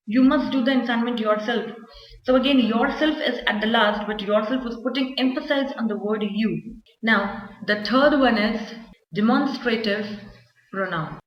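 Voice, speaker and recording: A woman gives a classroom grammar lesson. She explains slowly and repeats her examples, with fillers here and there. The recording is roomy and echoey, with a dull, lo-fi sound. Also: on the high side. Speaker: teacher.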